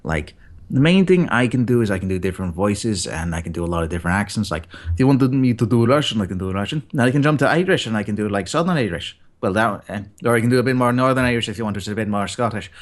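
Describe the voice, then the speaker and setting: A man with a somewhat low voice, chatting as a guest about his craft. He talks with lively energy and slips into short performed lines to make his points. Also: quick pace. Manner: animated, acts out example lines. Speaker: guest voice actor. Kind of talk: casual interview chat.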